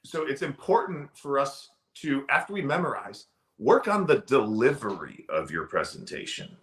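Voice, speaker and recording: A middle-aged man speaks with a lively, swinging pitch, leaning hard on key words as he tells stories. His voice sits in a middle register for a man. He talks in a relaxed interview style. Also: normal speed, slight background noise. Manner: emphatic, storytelling delivery. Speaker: sales trainer guest. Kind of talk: casual interview talk.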